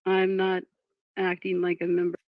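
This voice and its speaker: A woman's voice: on the low side, monotone, normal speed, no echo. A woman talking casually on a live stream, frustrated and distracted while reading chat and apologizing. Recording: dull dry lo-fi mic.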